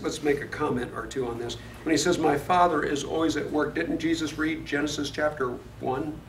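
In an echoey room with the microphone far away and slight background noise, a man from Florida with a fairly high pitch teaches Bible study. He talks conversationally and often asks his class questions.

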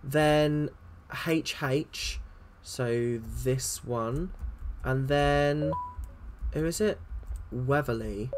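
A horror game player on a let's play channel gives unhurried commentary at a slow, drawn-out pace. The player is jumpy and swears a lot, repeating the same exclamations when frightened. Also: mid-range voice, darkish tone, faint music behind.

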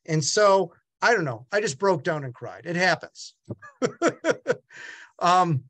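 A middle-aged man tells a personal story in a voice that leaps up and down. His speech is halting and full of restarts. The recording is dry and close. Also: high-pitched, no echo. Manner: animated, acts out other voices in quotes. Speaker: gallery owner and art dealer.

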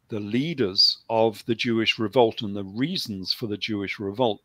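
A man's voice: medium pitch, a bit bright, no room sound. A man talking on a call-in show, rambling with lots of ums and a dry humor. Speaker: guest author. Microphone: video call.

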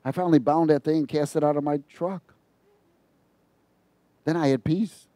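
Fired-up preacher, a man with a high voice. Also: normal speed, dry recording. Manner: animated, mocking and laughing at his own asides. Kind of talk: informal sermon on a psalm.

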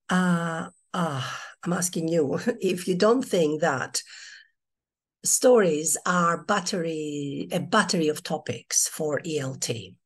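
A woman's voice: on the low side, slightly rough. A woman presenting an online teaching webinar on storytelling, speaking expressively with frequent hesitations. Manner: hesitant with fillers, expressive and animated.

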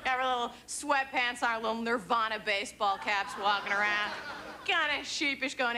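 A woman's voice: a little high, moderate pace. A woman in her twenties performing a stand-up set, with sardonic, self-deprecating asides and playful jabs. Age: 20s. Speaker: stand-up comedian. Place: comedy club stage with live audience. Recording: TV broadcast with crowd laughter and noise. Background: audience laughing.

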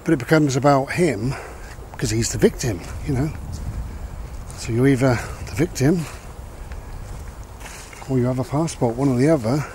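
A man's voice: medium pitch, moderate pace, long pauses, darkish tone, slight background noise. A man talking through life advice in a casual rambling monologue, reflective and repeating his key points. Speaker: vlogger giving life advice. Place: outdoors walking a dog.

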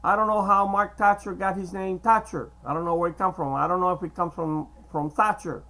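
High, gravelly man rambling to camera. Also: steady tone, pushed and bright, rough recording. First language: Spanish. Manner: hesitant, meandering, many filler pauses. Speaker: video blogger. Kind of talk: casual rambling monologue to camera.

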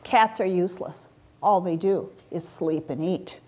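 A woman's voice: lowish voice, measured pace, a little mellow, voice pushed down. A woman voicing a boastful, scornful cow that brags and sneers at cats in a church children's story.

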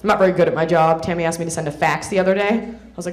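A woman's voice: on the low side, fast. A young adult woman performing a stand-up comedy set on a club stage, sarcastic and putting on voices for the people in her stories. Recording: roomy club sound.

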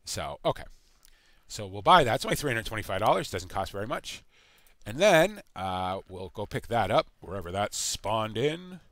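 An American man giving rambling let's-play commentary, halting and full of fillers. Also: fairly low pitch, sing-song, a bit bright, no room sound. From United States. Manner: halting, full of uh and you know. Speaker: gaming channel host.

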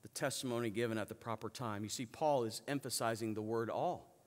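A male pastor preaching a sermon, calling on the congregation to answer back and shifting between loud emphatic peaks and soft low asides. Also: brisk, big-room sound. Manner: preaches with call-and-response to the congregation. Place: church sanctuary.

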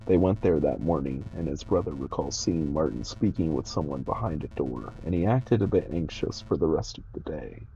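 A man voicing a tired, courteous older townsman in a game who speaks slowly and kindly. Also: rumbling low, animated, gravelly, dark tone, highs cut off, soft background music, exaggerated voice. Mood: somber. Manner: slow, sleepy, courteous.

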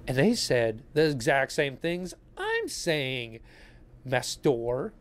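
A man's voice: medium pitch, creaky, a little hiss or hum. A man giving a sarcastic, combative rant as he answers viewer comments on his YouTube channel.

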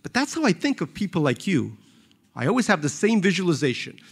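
A man reading aloud, voicing a calm, blunt male former employee who speaks in a level, reproachful way. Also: high-pitched, a little fast, vocal fry, breathy edge, heavily acted. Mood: accusing.

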